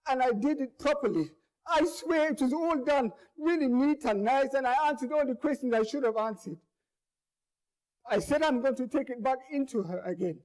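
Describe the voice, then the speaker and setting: A man performing a first-person monologue, telling his story earnestly and repeating words as it grows tense. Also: very high-pitched. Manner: earnest, repeats words and phrases, grows louder as tension builds.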